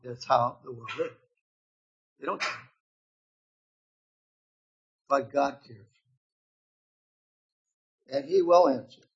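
A man in his seventies preaching a sermon, reading scripture aloud with loud emphatic stretches and quiet, low asides to his listeners. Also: slow pace, pauses often, muffled recording, noisy background. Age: 70s.

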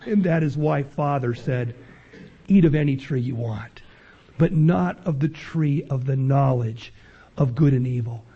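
A man preaching a sermon as pastor, emphatic and rising to loud peaks. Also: mid-range voice, unhurried, husky. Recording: dull lo-fi sound.

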